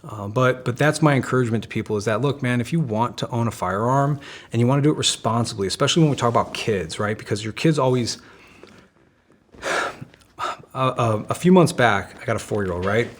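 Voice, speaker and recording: A man in his thirties, a former special operations Marine and firearms instructor, talking casually and animatedly as a podcast guest, swearing freely and saying "dude" often. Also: medium pitch. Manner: animated, profane, fast storytelling with frequent "dude" and "man". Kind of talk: casual conversational interview.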